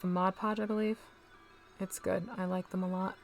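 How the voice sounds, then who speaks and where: A woman's voice: lowish voice, flat delivery, moderate pace, creaky, soft background music. A woman hosting a casual live stream, chatting to viewers as she paints miniatures and talks through each step.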